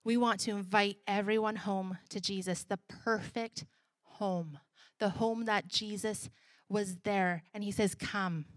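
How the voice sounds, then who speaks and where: A woman's voice: medium pitch, fairly even intonation, measured pace, no room sound, clean studio sound. Woman preaching with a repeated refrain. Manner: repetitive preaching refrain, emphatic then soft. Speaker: pastor. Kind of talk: sermon.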